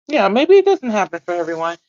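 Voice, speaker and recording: A woman in a tabletop game, musing aloud with hesitant, casual phrasing. Her pitch sits mid-range. The recording sounds dull and dry, as if made with a modest mic. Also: sing-song, fast talker, a little mellow, no echo. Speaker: player. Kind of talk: casual tabletop role-play chat.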